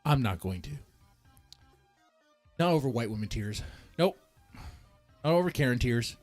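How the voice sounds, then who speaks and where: Animated mocking male streamer. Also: mid-range voice, measured pace, soft background music. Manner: mocking, rambling with many restarts. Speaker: commentary streamer. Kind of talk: casual commentary.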